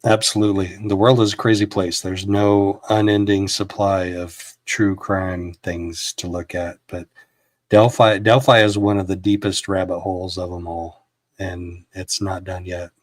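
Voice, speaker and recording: A man hosting a true crime livestream, chatting casually in a relaxed, drawn-out way. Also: sits low, dry recording, studio quality.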